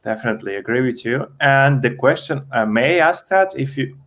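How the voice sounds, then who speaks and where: A man's voice: medium pitch, animated, fairly quick, a bit bright. Man hosting a live stream. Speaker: host. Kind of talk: casual live-stream interview.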